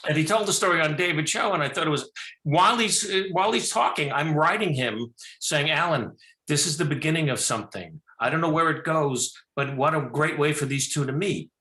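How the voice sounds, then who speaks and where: Animated older man telling stories. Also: on the high side, brisk, reverberant. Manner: rambling, animated storytelling with frequent restarts. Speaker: film director and actor, guest. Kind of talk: talk show interview.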